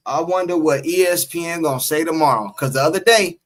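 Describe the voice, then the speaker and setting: A man's voice: fairly high pitch, fairly quick. A man co-hosting a casual post-game sports stream, reading the chat and talking emphatically, repeating his points and teasing viewers. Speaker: sports talk co-host.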